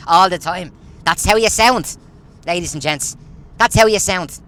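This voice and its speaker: A man's voice: high voice, animated, normal speed, fairly bright tone, clean tone. A man, ranting in a casual monologue full of rhetorical questions. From Ireland. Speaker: vlogger.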